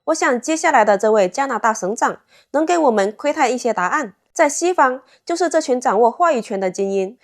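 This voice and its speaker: A woman's voice: on the high side, lively intonation, fairly quick, few pauses. Woman narrating scripted commentary voice-over.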